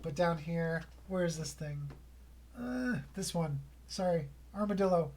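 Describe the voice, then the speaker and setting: A man's voice: a little high, animated, measured pace, a little mellow. A man streaming from home, reading poems aloud in a playful way and chuckling between them with casual asides.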